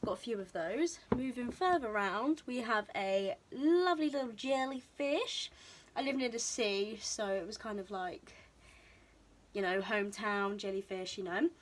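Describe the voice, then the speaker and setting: Breathless bubbly young woman vlogging. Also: a little high. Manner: chatty and bubbly, with frequent ums. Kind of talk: casual show-and-tell vlog. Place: indoor room, tripod camera. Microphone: camera mic on tripod, moved around.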